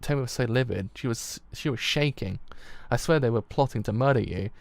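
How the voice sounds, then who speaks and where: A man reads aloud as a worried schoolboy who rushes his warnings. The voice stays close to the reader's own, gravelly and dry. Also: medium pitch, no echo, close to an everyday voice. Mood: urgent.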